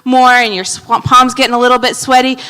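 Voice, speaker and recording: A woman pastor preaches with a high, bright voice. She swings from loud, punchy emphasis to hushed asides. The sound carries a long reverb from a church sanctuary. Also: little pitch movement, fairly quick, smooth. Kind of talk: sermon.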